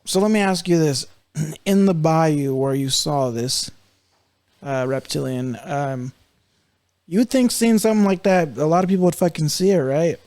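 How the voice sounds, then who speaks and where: A man's voice: on the high side, normal speed, darkish tone, no room sound. A man co-hosting a casual podcast, joking around, teasing his co-host and swearing freely. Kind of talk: casual chat.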